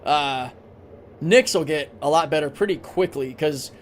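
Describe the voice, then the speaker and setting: A man's voice: on the high side, unhurried, slight background noise. A man live-streaming a game, chatting casually, thinking aloud and answering chat, with a recurring cough.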